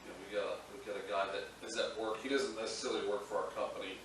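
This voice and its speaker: A man's voice: lowish voice, fairly even intonation, rapid-fire. A man casually telling family anecdotes, chatty and laughing as he talks. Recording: echoey room from far off with faint noise.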